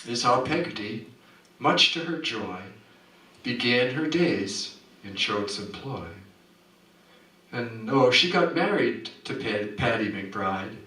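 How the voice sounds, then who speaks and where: A man's voice: medium pitch, lively intonation, takes it slowly, sharp tone. A man at a community coffeehouse reciting a rhyming story poem with rhythmic, theatrical delivery. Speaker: performer. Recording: roomy hall, distant mic.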